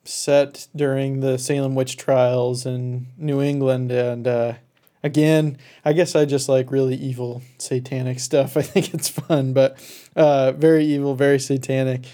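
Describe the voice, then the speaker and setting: A man's voice: mid-range voice, a little slow. A man co-hosting a podcast, chatting casually and enthusiastically about movies. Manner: relaxed, enthusiastic, fillers and restarts. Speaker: podcast co-host.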